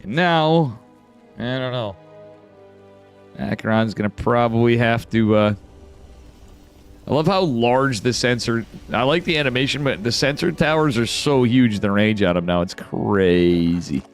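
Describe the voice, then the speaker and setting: Casual upstate New York caster. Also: male voice, mid-range voice, measured pace, faint music behind. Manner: casual, swears, bursts of excitement. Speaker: esports caster. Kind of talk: live game commentary.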